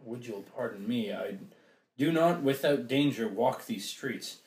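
A man's voice: medium pitch, unhurried, darkish tone, roomy sound, close to an everyday voice. Man reading a grave, wary sea captain. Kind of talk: amateur play reading.

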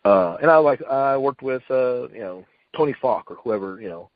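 A man's voice: mid-range voice, lively intonation, normal speed, no echo, narrow, tinny audio. A middle-aged man telling an old story in a casual, rambling way, full of fillers and restarts, acting out what people said. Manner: rambling, many fillers and restarts, acts out quotes. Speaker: retired wrestler guest.

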